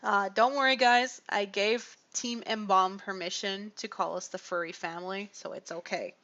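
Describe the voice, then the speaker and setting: A woman's voice: medium pitch, fairly even intonation, normal speed, bright, forceful tone, lo-fi sound. A tired woman chatting casually with viewers on a livestream, rambling and apologetic, with sighs. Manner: rambling, apologetic, with frequent sighs and small laughs.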